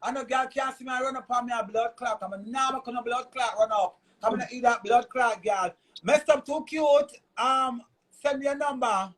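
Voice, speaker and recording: A man with a Jamaican accent ranting loudly on a live stream, cursing and repeating himself. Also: extremely high pitch, moderate pace. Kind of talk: heated live-stream rant.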